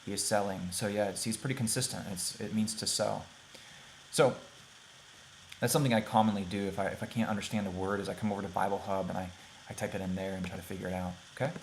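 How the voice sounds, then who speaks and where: A man teaching a beginners' Hebrew lesson over a shared screen, talking plainly and repeating words slowly for pronunciation. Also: fairly low pitch, steady tone, creaky, a little hiss or hum. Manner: plain, conversational, thinks aloud with fillers.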